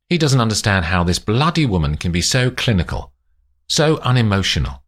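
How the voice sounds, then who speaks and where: Male narrator, low voice, slow, lively intonation, spy audiobook. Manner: slow, expressive storytelling.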